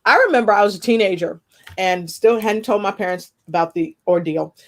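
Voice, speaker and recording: A woman's voice: medium pitch, a little fast. Earnest woman telling a personal story. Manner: earnest, expressive storytelling with spiritual references. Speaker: guest. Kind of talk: personal testimony in conversation.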